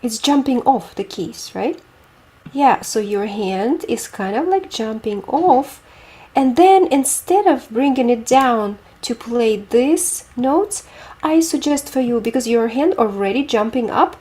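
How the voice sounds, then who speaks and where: A woman's voice: on the high side, animated, takes it slowly, warm tone. A woman teaching a group piano lesson, explaining technique with images and asking students questions.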